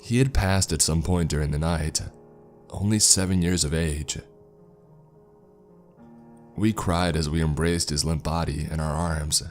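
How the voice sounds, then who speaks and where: Guy with a really low voice reading a creepy story, somber, soft music under it. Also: fairly even intonation, measured pace, pauses often. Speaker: horror story narrator. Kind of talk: scripted first-person horror narration. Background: faint background music.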